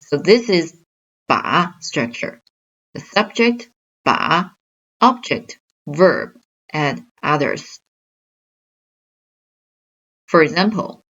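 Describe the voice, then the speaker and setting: A woman teaching a grammar lesson, explaining slowly and carefully with examples. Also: low-pitched, fairly bright tone, highs cut off. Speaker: Chinese language teacher.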